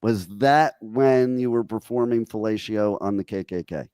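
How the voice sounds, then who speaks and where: A man's voice: lowish voice, moderate pace, dark tone, clean tone, no room sound. Teasing male radio host, crude banter.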